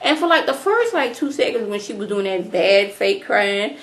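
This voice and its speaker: A young woman recapping a reality show in a sassy, animated way, mimicking the people she talks about. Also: medium pitch, normal speed. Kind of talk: casual recap commentary.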